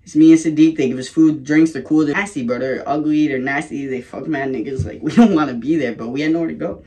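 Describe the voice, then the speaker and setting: A man's voice: on the high side, quick pace, mellow. Profane young man telling a story. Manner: casual, profane, rambling with laughs. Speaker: vlogger. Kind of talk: casual storytime.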